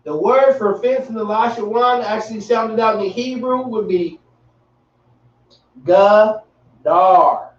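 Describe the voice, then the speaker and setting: Male teacher, high voice, casual and slangy, recorded from across a dull room. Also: moderate pace, few pauses. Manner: relaxed, slangy, repeats himself. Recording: echoey, distant, dull room sound.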